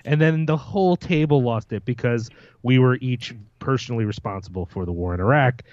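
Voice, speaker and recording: A man's voice: medium pitch, brisk, a little mellow, dry recording, dull audio. A man co-hosting a podcast, telling wry stories in casual chat. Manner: storytelling, wry. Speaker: podcast co-host.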